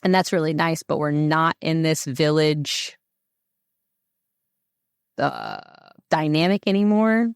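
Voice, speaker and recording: Slow, low-voiced woman with vocal fry. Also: sing-song, no echo, clean studio sound. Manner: rambling, filler-heavy talk. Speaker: podcast guest, mother and herbal maker. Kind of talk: casual advice chat.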